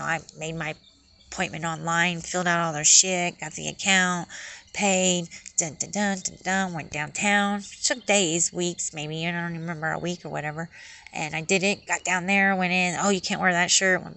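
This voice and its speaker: A woman vents in a long, rambling monologue, swearing freely and getting heated as she goes. Her voice is bright and a little sharp. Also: on the low side, vocal fry, slight background noise. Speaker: vlogger. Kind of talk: rambling rant to camera.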